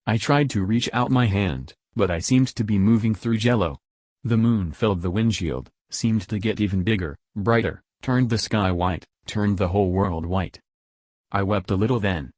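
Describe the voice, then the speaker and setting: A man narrating a story in a calm, measured reading voice. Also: on the low side, dry recording. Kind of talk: scripted narration.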